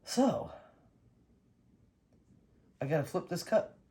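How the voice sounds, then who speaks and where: Chatty excitable woman painting. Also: fairly low pitch, slow. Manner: chatty, excitable, talks to herself and her dog. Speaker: acrylic pour painting vlogger. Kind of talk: casual chat while painting.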